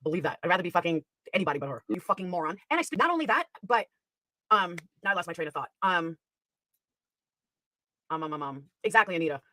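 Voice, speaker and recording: A woman's voice: on the low side, animated, pushed and bright, dry recording. A woman streamer ranting angrily and profanely while reacting to a clip. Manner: profane, heated, rapid-fire. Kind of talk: angry ranting commentary.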